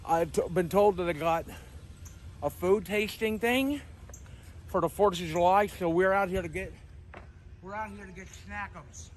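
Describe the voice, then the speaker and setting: Man putting on a high goofy fat guy voice, dopey and oblivious, noisy outdoor recording. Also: measured pace, pauses often. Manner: dopey put-on voice, goofy deadpan jokes. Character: loud dim-witted fat man, brash and oblivious. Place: outdoors at a museum.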